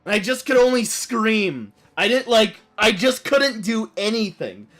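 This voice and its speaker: A man streaming a game, telling a story in an animated, rambling way full of fillers. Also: high-pitched, unhurried, heavy background noise. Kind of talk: casual storytelling while playing.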